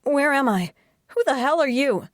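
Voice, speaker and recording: A woman voicing a kidnapped young heroine, sharp and defiant, in an audiobook. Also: medium pitch, unhurried, no room sound, clean studio sound, voice pushed up, lightly acted. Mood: panicked.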